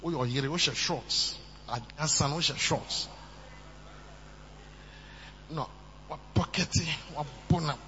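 A man preaching a sermon, moving from soft asides to shouted emphasis. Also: a little high, slow, long pauses. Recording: muffled, with long hall reverb and faint hum.

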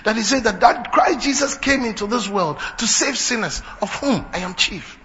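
A man preaching a fiery sermon, building to shouts. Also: high-pitched, expressive, moderate pace, in a large hall. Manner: fiery, rising to shouts, mixing in local phrases. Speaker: pastor. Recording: dull lo-fi recording with faint noise.

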